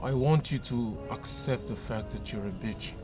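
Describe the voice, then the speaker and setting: A man's voice: medium pitch, moderate pace, close to an everyday voice. A man playing an arrogant, crude man who speaks down to a woman. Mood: condescending. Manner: condescending, insulting. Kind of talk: film drama acting. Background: film score music.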